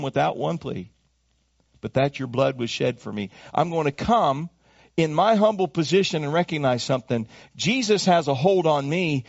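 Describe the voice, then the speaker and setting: A man preaching a sermon as pastor, swinging from high emphatic calls down to low hushed asides. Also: no room sound, dull audio.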